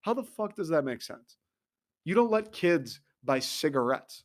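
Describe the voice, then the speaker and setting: A man's voice: fairly high pitch, big pitch swings, measured pace. A man hosting a show, delivering a profane, sarcastic comedic rant in an exasperated tone. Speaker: podcast host.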